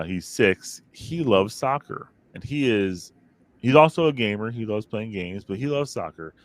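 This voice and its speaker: A man in his thirties chats casually from his basement home office, rambling through family stories and jumping up in pitch when he acts out what people said. His voice sits fairly low and sounds close and dry on the mic, with no room around it. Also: dry recording. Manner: rambling, animated storytelling with acted-out quotes. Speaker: podcast co-host. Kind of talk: casual chat. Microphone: studio microphone.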